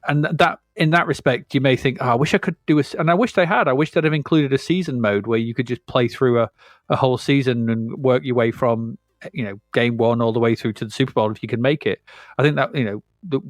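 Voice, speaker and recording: A man's voice: medium pitch, fast talker, no room sound. Chatty man, dry close sound. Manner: rambling, self-correcting, chatty. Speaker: podcast co-host. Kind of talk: casual retro gaming chat.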